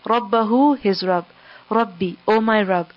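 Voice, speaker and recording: A woman reads scripture one word at a time and follows each with an English meaning, pausing after every phrase. Her voice sits in a middle register. The recording is dull and lo-fi, with a dry, close sound and no room echo. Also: mid-range voice. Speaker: scripture reader and translator. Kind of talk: word-by-word recitation with English gloss.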